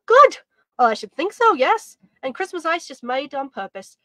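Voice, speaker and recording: A woman's voice: fairly high pitch, animated, fast, no echo. A woman reading aloud as a cheerful, poor boy who chats eagerly in a folksy dialect.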